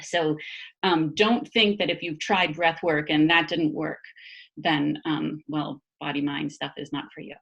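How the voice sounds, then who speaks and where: A woman speaking as a body-mind therapist guest in a casual conversation, animated, laughing often and using many fillers and restarts. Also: low voice, a little slow, creaky, slightly rough, dull audio.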